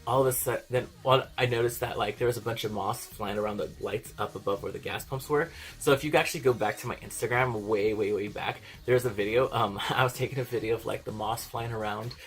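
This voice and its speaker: A young man vlogging, telling a rambling story in a casual, profane way and often laughing. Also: lowish voice. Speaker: beauty vlogger.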